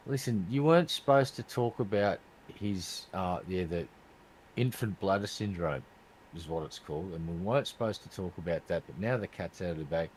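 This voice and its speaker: A man's voice: deep voice, moderate pace, a little hiss or hum, poor audio. A man, co-hosting a casual podcast with teasing, mock-shocked banter. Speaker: podcast co-host.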